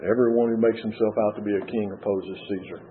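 A man's voice: steady tone, quick pace, slight background noise. Male preacher on a tinny radio broadcast. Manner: earnest, rising to stress key points then dropping low. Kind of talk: sermon with scripture reading.

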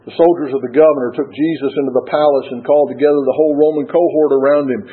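A man preaching a sermon and reading scripture aloud, earnest, rising to stress key points and dropping low at the ends of phrases. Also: fairly even intonation, quick pace. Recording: tinny phone-like radio broadcast.

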